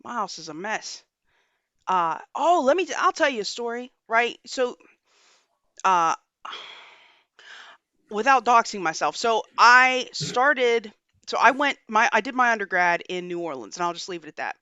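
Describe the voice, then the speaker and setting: Young woman host, bright high-ish voice, swears a lot, animated storytelling, dry close mic. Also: unhurried, long pauses, dry recording, dull audio. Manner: animated, profane storytelling with slang. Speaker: podcast host. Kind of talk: casual storytelling chat.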